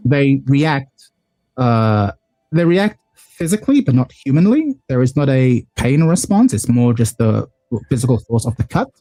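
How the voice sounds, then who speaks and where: Mellow-voiced man running a tabletop game. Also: medium pitch, big pitch swings, no room sound. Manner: halting, with many ums and restarts. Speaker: game master.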